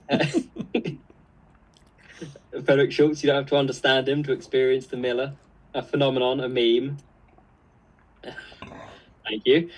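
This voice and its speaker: Reading the live chat aloud, a mid-range-voiced co-host of a live stream chuckles his way casually through viewer comments, captured in a low-quality recording.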